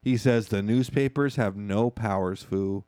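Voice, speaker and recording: A man hosting a podcast, recapping a movie in loose, profane chat and acting out lines in quick asides. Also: fairly low pitch, dark tone, no room sound, clean studio sound. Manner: profane, keeps calling listeners "foos", acts out movie dialogue in quick asides. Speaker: podcast host.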